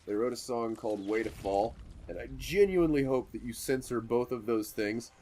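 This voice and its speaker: A man's voice: mid-range voice, normal speed, dark tone. A man co-hosting a let's play in casual chat, rambling and sarcastic.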